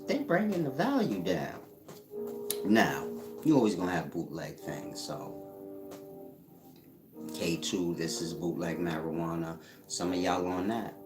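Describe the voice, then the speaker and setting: A man hosting his own channel, talking in a casual, slangy, joking monologue and laughing often. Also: low-pitched. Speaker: channel host.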